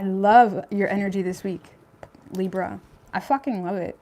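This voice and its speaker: A woman's voice: medium pitch, fairly even intonation, normal speed, mellow, a little hiss or hum. Young woman, tarot reader, casual and blunt, mid-range voice, lots of fillers. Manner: chatty and blunt, swears freely, many fillers.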